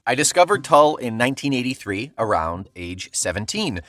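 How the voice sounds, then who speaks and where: A man's voice: medium pitch, very animated, moderate pace, a bit bright, no room sound, faint music behind. A male podcast co-host in casual chat, reading listener emails aloud and laughing often.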